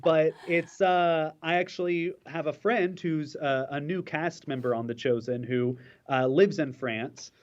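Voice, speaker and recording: A man, an actor, chatting in an interview with a halting, filler-heavy way of talking. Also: fairly high pitch, dull audio. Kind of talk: casual interview chat.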